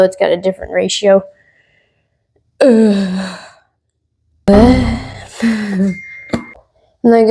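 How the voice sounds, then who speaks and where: A woman hosting a casual cooking tutorial, playful and joking with her viewers, sometimes dropping to a soft whisper. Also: mid-range voice, slight background noise. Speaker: cooking vlogger.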